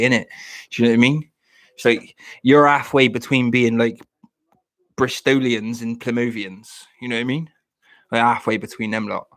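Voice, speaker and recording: A man's voice: mid-range voice, fairly even intonation, normal speed, a bit bright. A man, chatting casually on a live stream, joking and rambling as he answers viewers in the chat. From England.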